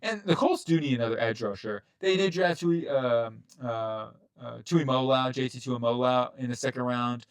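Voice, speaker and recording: A man's voice: medium pitch, clear, resonant tone, no echo. Rambling, chatty man talking football. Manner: rambling, chatty, quick asides and self-corrections. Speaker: channel host reacting to a mock draft. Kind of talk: casual sports commentary.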